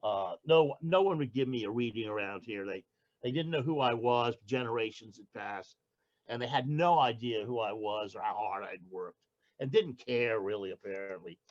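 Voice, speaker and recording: Older man talking in a halting way, lo-fi sound. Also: medium pitch. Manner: halting, with frequent restarts and fillers. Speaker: poet guest. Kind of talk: casual interview talk.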